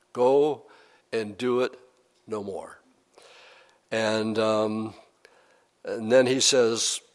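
Male pastor, unhurried verse-by-verse sermon, long church-hall reverb. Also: fairly low pitch. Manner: slow and deliberate, reads scripture aloud.

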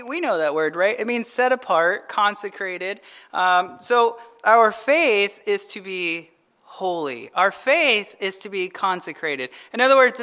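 Male pastor with a high voice, easygoing midweek sermon, keeps checking in with the room. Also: pushed and bright. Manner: conversational, asks the audience rhetorical questions; chuckles while telling stories. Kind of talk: midweek Bible-study sermon.

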